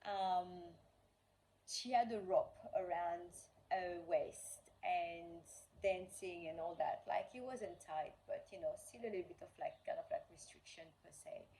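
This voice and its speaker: A woman's voice: on the low side, a little slow, warm tone, a little hiss or hum, poor audio. A woman vlogger casually telling a personal story, rambling with lots of fillers and acting out the quoted dialogue. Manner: rambling, heavy on fillers like "like" and "you know".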